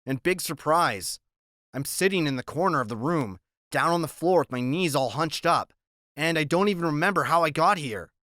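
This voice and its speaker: A man's voice: fairly high pitch, expressive, moderate pace, bright, forceful tone, dry recording, clean studio sound. A man narrating an audiobook in the first person, in a plain, conversational storytelling manner.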